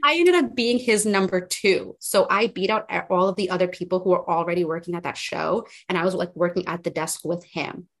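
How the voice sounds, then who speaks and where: A woman's voice: fairly low pitch, fairly quick, few pauses. A young woman journalist telling her career story as a podcast guest, chatty with lots of fillers. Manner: chatty, filler-heavy, animated retelling. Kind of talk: casual interview storytelling.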